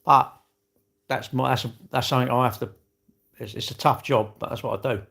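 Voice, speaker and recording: A man hosting a casual livestream, speaking at an ordinary middle pitch. He rambles from topic to topic, jokes at his own expense and breaks off to greet viewers. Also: fairly even intonation, brisk, creaky, a bit bright. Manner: rambling, jokey and self-mocking, with asides to viewers. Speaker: livestream host. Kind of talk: casual live-stream chat.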